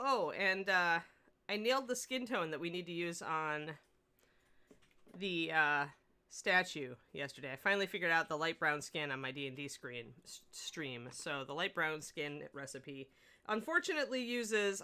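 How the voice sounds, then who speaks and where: A woman's voice: on the low side, sharp tone. A woman hosting a casual livestream painting tutorial, chatting with viewers and her pet between tips. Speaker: miniature painting instructor and stream host.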